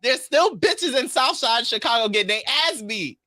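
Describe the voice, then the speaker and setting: A man from Queens co-hosting a casual podcast, talking in an animated, profane way and reading news stories aloud. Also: extremely high pitch, moderate pace, dry recording, studio quality. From Queens, New York. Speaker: podcast co-host. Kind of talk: casual chat.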